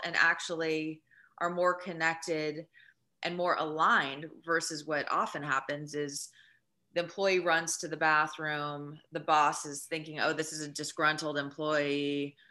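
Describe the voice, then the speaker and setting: A woman's voice: low-pitched, steady tone, moderate pace, bright, forceful tone. A woman guest author in a podcast interview, explaining earnestly and emphatically with examples.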